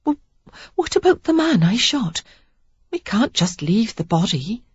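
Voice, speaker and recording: A prim, sheltered young lady speaks in a high, polite, tentative voice, as a woman narrator puts her on. Her tone is lively, with a husky grain, and the recording is dry and a little dull. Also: measured pace, exaggerated voice. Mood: anxious, polite. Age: 20s.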